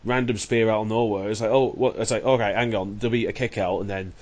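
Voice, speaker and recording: A man's voice: lowish voice, fairly even intonation, fast, a little mellow. A man co-hosting a casual wrestling podcast, blunt and sarcastic in his opinions. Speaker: podcast co-host.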